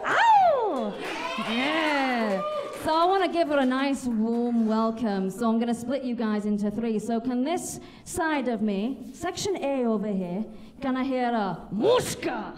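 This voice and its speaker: A woman emceeing a live comedy show, lively and calling on the audience to shout back. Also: on the high side, unhurried. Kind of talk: hyping up a comedy crowd. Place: large indoor venue at a live show. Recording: noisy crowd at a live venue. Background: audience cheering and chanting.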